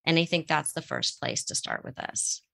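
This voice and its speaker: Bright, low-voiced woman therapist. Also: huge pitch swings, moderate pace, vocal fry. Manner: explains with everyday examples and acted-out quotes. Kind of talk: advice conversation. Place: studio.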